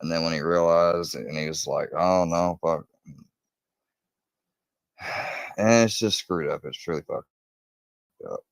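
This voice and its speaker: A man with a very low voice talks in a loose, rambling way, swearing freely. He jumps up into a higher, louder voice when he acts out what people said. The sound is close and dry, with no room around it. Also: normal speed, gravelly, pauses often, no echo. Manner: profane, rambling, acts out quotes in a raised voice. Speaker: true crime storyteller. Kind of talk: casual storytelling rant.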